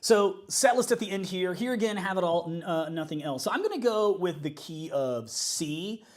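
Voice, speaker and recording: A man's voice: high voice, lively intonation, moderate pace. A man, a worship leader, chatting casually and upbeat on a livestream while working things out aloud.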